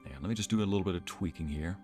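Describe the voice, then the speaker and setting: A man with a deep, low voice talks casually to his live-stream viewers, greeting them one by one and laughing easily. He speaks into a desk microphone at home, with soft music playing behind him. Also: rapid-fire. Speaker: streamer and narrator. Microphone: desk microphone at home streaming setup.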